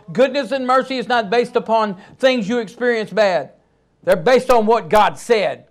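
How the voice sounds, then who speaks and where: Emphatic high-voiced male preacher. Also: moderate pace. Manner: emphatic, with sudden loud outbursts. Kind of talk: sermon.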